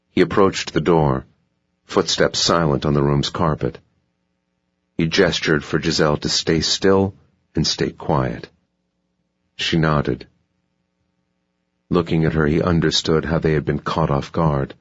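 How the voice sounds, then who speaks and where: A man narrating an audiobook in a slow, measured delivery. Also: very deep voice, slightly rough, no room sound. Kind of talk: scripted narration. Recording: dull dry audiobook recording.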